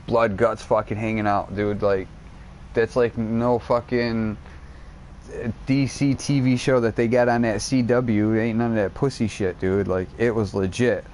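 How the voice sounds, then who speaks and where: A man streaming a game, rambling in casual chat and retelling a show in an excitable, foul-mouthed, slang-heavy way. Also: on the low side, measured pace, a little hiss or hum. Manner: profanity-laden, excitable storytelling, heavy slang.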